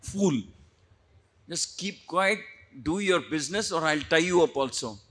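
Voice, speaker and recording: A man's voice: fairly high pitch, normal speed, fairly bright tone. A man doing a stern scolding mother. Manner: scolding, dismissive.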